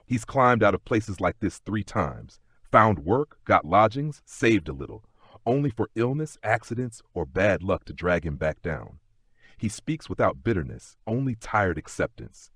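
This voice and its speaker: Male sleep-story narrator, deep and husky, dry booth sound. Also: very animated, no echo. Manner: slow, gentle, second-person telling.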